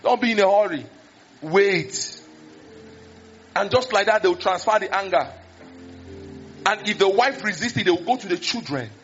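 A male pastor, preaching a sermon in an animated way, acting out scenes and exclaiming. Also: high-pitched, moderate pace, pauses often, faint music behind. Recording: dull lo-fi recording.

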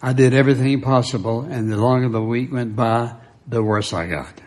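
A man's voice: mid-range voice, normal speed. An older man preaching a sermon in a conversational way, often dropping to a near whisper for emphasis. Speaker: pastor.

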